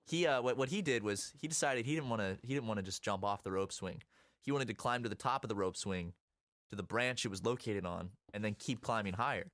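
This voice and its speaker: A man telling animated stories in a casual chat while gaming. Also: fairly quick, no echo. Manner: animated storyteller, lively swings in pitch. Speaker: co-host.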